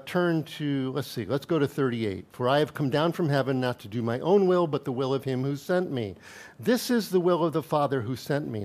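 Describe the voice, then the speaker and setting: A man's voice: a little high, a little mellow. A male pastor preaching a sermon in a conversational way, reading scripture aloud with asides and light chuckles.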